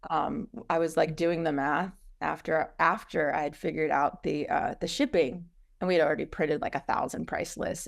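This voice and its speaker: A woman co-founder guest telling her story in a rambling, animated way in a casual interview. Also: sits low, moderate pace, gravelly.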